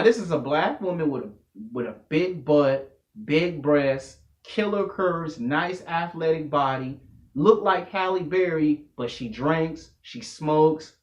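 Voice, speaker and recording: A man delivering a loud, profane comedic rant to camera, telling slangy stories as a vlogger. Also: fairly high pitch. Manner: loud, animated, slangy storytelling. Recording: echoey room, dull lo-fi audio.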